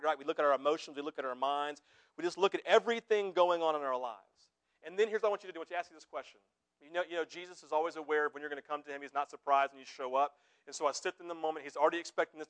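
A pastor preaching a conversational sermon, often checking in with his listeners with quick tag questions. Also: on the high side, fairly bright tone.

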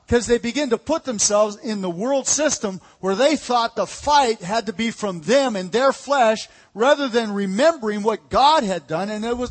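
A male pastor preaching a lively, conversational sermon, calling out to the congregation. His voice is high for a man. It rings with a long echo in a church hall. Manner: energetic, conversational preaching with call-outs. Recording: echoey hall.

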